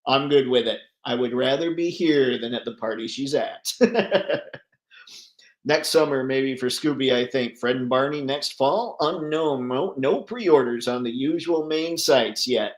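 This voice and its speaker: A man hosts a casual livestream, reading out viewer comments and answering them in a loose, chatty way. He laughs easily and his voice sits at an ordinary middle pitch. The room around him is roomy and echoey. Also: measured pace. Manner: chatty, laughs often, reads comments aloud. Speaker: livestream host reading chat. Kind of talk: casual live chat.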